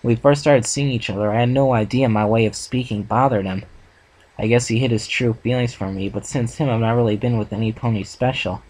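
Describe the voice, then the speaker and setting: A man voicing an earnest, heartbroken female farm pony, reading her lines gently in a plain voice. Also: medium pitch, steady tone, a little fast, lightly acted, low-quality recording. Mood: sad, tearful.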